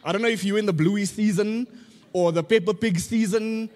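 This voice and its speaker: A man's voice: high-pitched, fairly even intonation, moderate pace, a little mellow. A man, a pastor giving a conversational sermon full of rhetorical questions and light humor. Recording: long church hall reverb.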